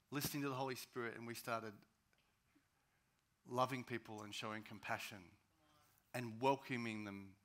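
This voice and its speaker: A man preaching a sermon as pastor, swinging between loud, urgent rises and quiet, slow drops. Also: medium pitch.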